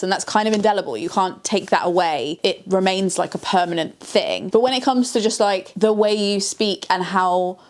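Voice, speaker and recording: A woman thinking aloud in a reflective vlog monologue, musing and restarting her sentences as she goes. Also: medium pitch. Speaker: video creator.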